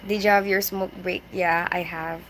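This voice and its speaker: Woman, thirties, mixed Filipino-British English accent, casual livestream chat, rambling, laughs a lot, bright voice, faint background noise. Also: on the low side, level tone, moderate pace. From Philippines. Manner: chatty, rambling, laughs often, mixes in Tagalog. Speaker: livestream vlogger. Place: on a bed indoors, keeping quiet. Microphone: phone without headphones.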